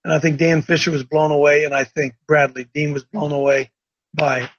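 Man, host, rambling, folksy, slightly high voice, dull lo-fi sound. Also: level tone, moderate pace, dry recording. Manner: rambling, folksy, self-interrupting. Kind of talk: casual livestream chat.

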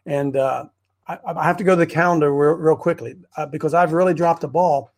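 A man hosting a casual livestream, rambling and excitable, stopping and restarting his sentences. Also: on the high side, a little fast. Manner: rambling, excitable, self-interrupting. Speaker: host of a preparedness group show. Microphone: webcam on a wobbly stand.

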